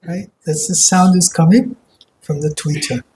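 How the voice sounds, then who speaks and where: A man's voice: a little high, fairly even intonation, measured pace, warm tone. A man teaching a singing workshop to a group, demonstrating sounds with sung vowels. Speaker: kirtan teacher. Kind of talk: vocal workshop lecture. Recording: roomy hall echo.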